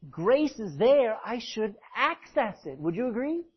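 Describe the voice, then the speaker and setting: A husky-voiced man preaching with a very lively, wide-ranging delivery. He swings from loud, stretched-out emphasis to quiet asides and laughs often. The recording sounds dull and lo-fi. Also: extremely high pitch, a little slow. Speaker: pastor. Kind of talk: sermon.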